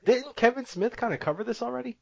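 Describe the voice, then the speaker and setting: A man's voice: extremely high pitch, fast, creaky, no echo. A young man co-hosting a podcast in casual chat, teasing his friend and laughing often. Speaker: podcast co-host. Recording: dull lo-fi podcast audio.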